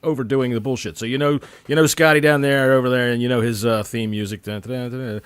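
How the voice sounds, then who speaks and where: A man's voice: mid-range voice, fairly even intonation, quick pace, clean tone, no echo. A man hosting a sports podcast, joking and self-mocking, with some swearing. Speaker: podcast host. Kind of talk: casual sports podcast chat.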